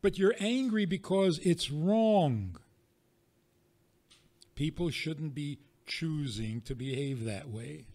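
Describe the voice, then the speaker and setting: A man speaking as a rabbi, his voice sitting a little higher than most men's. He teaches an audience, prodding them with rhetorical questions. He makes his points through wry, everyday examples. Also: darkish tone.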